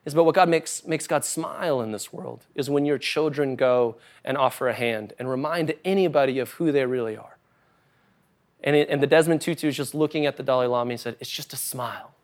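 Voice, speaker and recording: A man preaching a sermon to his congregation, talking conversationally and moving between loud, emphatic stretches and soft, quiet ones. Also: medium pitch, a little fast. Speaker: pastor. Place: church service before a congregation.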